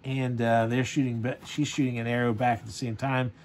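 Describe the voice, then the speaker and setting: A man's voice: medium pitch, little pitch movement, fairly quick. A man casually reviewing a comic, rambling with many fillers and chuckles.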